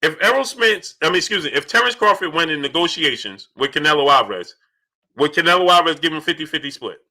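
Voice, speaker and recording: Male streamer, high and bright, who keeps repeating rhetorical questions and greets the viewers in the chat by name. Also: lively intonation, fast. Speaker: boxing channel host. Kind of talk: livestream commentary, reading chat.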